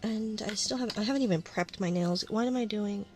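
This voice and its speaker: A woman streamer chatting casually in an ASMR stream, rambling and often dropping into a soft whisper. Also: medium pitch, brisk. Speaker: VTuber streamer.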